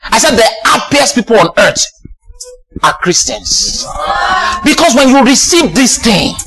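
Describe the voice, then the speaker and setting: A man preaching a sermon, exuberant, often laughing and shouting praise and calling out to the congregation. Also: very high voice, sing-song, unhurried, vocal fry, music in the background.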